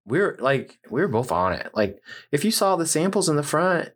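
A man hosting a podcast, telling an embarrassing story in casual chat with animated, self-mocking delivery. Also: fairly high pitch, normal speed. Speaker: podcast host.

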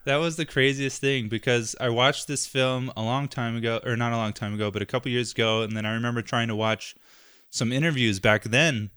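A man in his thirties talking casually on a podcast, animated and laughing often, trailing off into mumbles at times. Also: medium pitch, brisk, clear, resonant tone, dry recording, clean studio sound. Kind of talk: casual chat.

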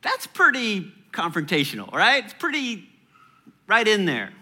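A man's voice: high voice, huge pitch swings, a little slow, pushed and bright, slightly rough. A man in his thirties preaching a sermon in a church, conversational and playful, with chatty asides. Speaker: pastor.

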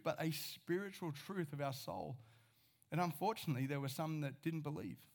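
Aussie pastor guy preaching, fairly high voice, earnest and chatty. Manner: earnest preaching, paraphrasing scripture conversationally. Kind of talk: sermon.

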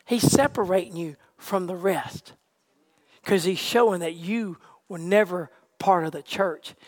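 A man preaching a sermon, swinging from hushed, nearly whispered passages to shouted peaks, with folksy turns of phrase. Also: high voice, a little slow.

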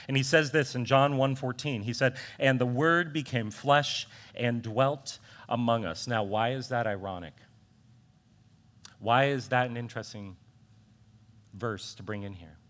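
Bright-voiced animated male preacher. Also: medium pitch. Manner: animated, repeats phrases for emphasis; conversational asides to the congregation. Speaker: pastor. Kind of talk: sermon.

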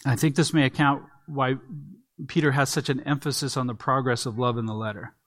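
A man's voice: mid-range voice, steady tone, a little fast, fairly bright tone. A man preaching an earnest expository sermon, leaning on emphatic repeats. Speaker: pastor.

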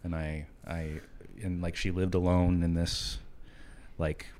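A man in casual chat, talking in a halting, hesitant way with many restarts. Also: low voice, flat delivery, darkish tone.

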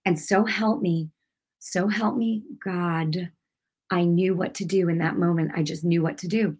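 A woman telling a personal testimony to a congregation, emphatic and chatty, swinging from hushed to loud. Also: on the low side, fairly even intonation, normal speed, breathy edge. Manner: casual with many fillers like "like". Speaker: speaker giving a testimony.

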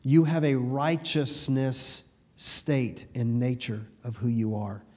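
A middle-aged man from Texas with a slight East Texas twang, preaching a folksy sermon that slows down and grows louder on scripture lines. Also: medium pitch. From Texas, USA. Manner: folksy, repeats words, slows and swells on scripture. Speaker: pastor.

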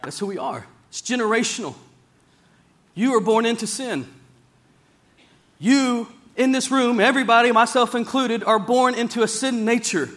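A man preaching a sermon in a church, plain-spoken and folksy, slowing down whenever he reads scripture aloud. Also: very high voice, fairly bright tone.

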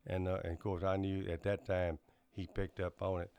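An older man, recounting his past in an oral history interview, halting often with fillers and restarts and clearing his throat. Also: low voice, little pitch movement, darkish tone. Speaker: interviewee recounting Cold War service.

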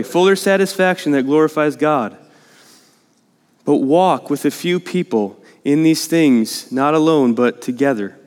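Male pastor, sermon delivery, conversational and earnest, rises to emphatic pleading; slightly high voice, long reverberant church hall. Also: a little mellow. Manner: earnest, conversational, often adds "right?"; grows emphatic and urgent in pleading passages. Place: church sanctuary.

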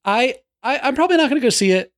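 A high-pitched man in his forties chatting casually on a podcast. He talks in an animated way, starting over mid-sentence and tossing off playful jabs. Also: quick pace. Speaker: podcast co-host. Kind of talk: casual chat.

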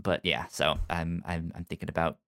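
A man hosting a casual video game podcast, talking in halting bursts with many restarts and frequent laughs. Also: low voice, little pitch movement, a bit bright. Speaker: podcast host. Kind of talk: casual chat.

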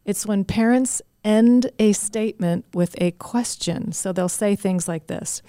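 A woman's voice: medium pitch, measured pace, few pauses, warm tone, clean tone, no echo, studio quality. A woman co-hosting a casual conversation, speaking in a direct, emphatic way. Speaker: co-host.

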